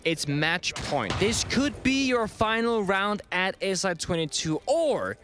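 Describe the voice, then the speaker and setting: A man giving quick, analytical color commentary on an esports match. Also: high-pitched, very animated, music in the background. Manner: quick, analytical, laughs easily.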